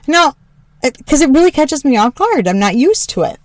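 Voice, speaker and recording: A woman's voice: very animated, fairly quick, dry recording. Frank, joking woman host with a dry sound. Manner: frank, joking, swears freely, laughs often; mimics her husband in a lower voice. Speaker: podcast host. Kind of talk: candid personal storytelling.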